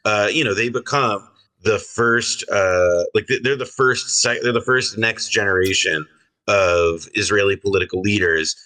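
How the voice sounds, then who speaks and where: Bright-voiced man on a distant call mic. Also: fairly low pitch, moderate pace. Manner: hesitant, filler-heavy, sardonic. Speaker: guest commentator. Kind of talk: casual reaction commentary.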